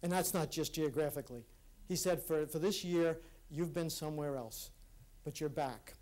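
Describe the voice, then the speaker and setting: A man giving an earnest, reflective talk at a conference, speaking in a halting way with restarts. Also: on the high side, darkish tone. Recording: live talk in a hall.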